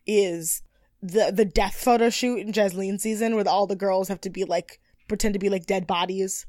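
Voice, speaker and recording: A woman co-hosting a podcast, recapping a reality show in casual, animated chat, swearing and laughing often. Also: medium pitch, moderate pace, dry recording, studio quality. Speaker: podcast co-host.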